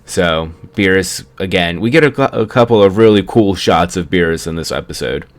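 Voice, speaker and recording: Low-voiced man rambling through a recap. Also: moderate pace. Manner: rambling, laughs at the story. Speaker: anime reviewer. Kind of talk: casual episode recap.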